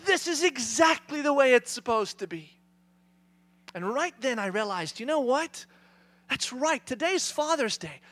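Male pastor, thirties, animated self-mocking sermon storyteller; high, bright voice. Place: church.

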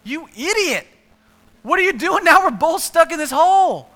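A preacher doing a desperate trapped man yelling for help. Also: very high voice, sing-song, normal speed, voice pushed up, exaggerated voice. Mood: exasperated. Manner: yelling, pleading.

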